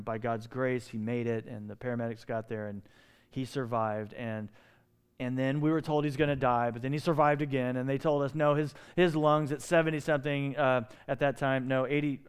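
A man's voice: mid-range voice, clear, resonant tone. A middle-aged male pastor delivering a sermon, pleading and impassioned, with many rhetorical questions.

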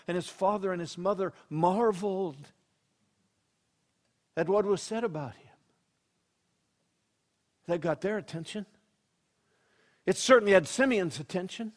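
A man preaching a sermon, dropping to a hushed storytelling voice and then rising to loud, emphatic proclamation, with slow, deliberate scripture reading. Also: on the high side. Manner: reads scripture slowly and deliberately.

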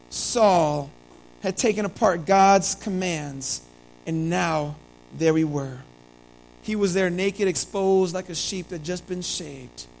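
A preacher giving a sermon told in first person as a biblical prophet, with dramatic storytelling that swings from loud emphasis to hushed, low delivery. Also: slight background noise, rough recording.

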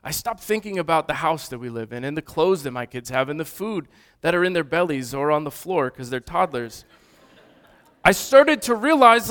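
A man's voice: on the high side, fairly bright tone. A man in his thirties, a father of toddlers, preaching an earnest, conversational sermon with frequent restarts. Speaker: pastor.

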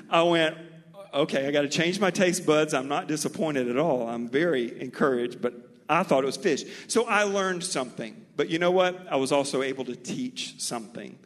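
A male pastor with a Mobile, Alabama Southern accent delivers a sermon, slipping into animated, folksy stories. His voice sits slightly higher than most men's. A long, lingering sanctuary reverb trails every phrase. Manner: animated storytelling preacher, folksy asides.

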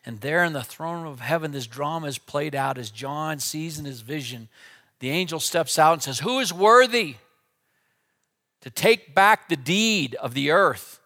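A man preaching a sermon with dynamic delivery, dropping to a hush and then rising to loud, emphatic lines. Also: mid-range voice.

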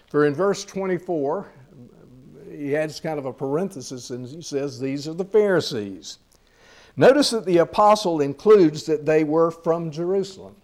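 A man's voice: fairly high pitch, a little mellow. A man preaching a sermon, reading scripture aloud and explaining it with rhetorical questions. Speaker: pastor.

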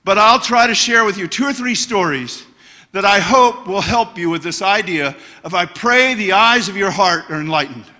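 A middle-aged man preaching a passionate sermon as a guest speaker, telling stories and swinging to loud bursts. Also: high voice, animated, normal speed. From United States. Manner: passionate, storytelling, bursts of shouting. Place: church hall. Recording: church hall reverb.

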